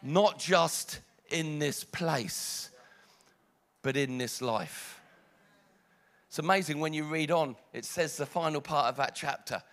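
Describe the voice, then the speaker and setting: A British man preaching a sermon, dramatic, dropping to hushed lines and rising loud. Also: on the high side, takes it slowly.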